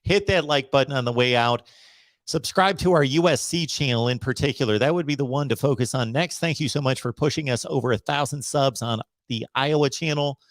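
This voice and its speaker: A middle-aged man hosting a sports call-in livestream, talking emphatically and slowing down to drive his points home. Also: mid-range voice, dry recording. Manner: emphatic, preachy, slows down to stress points. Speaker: host of a college football call-in show. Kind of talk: casual livestream monologue.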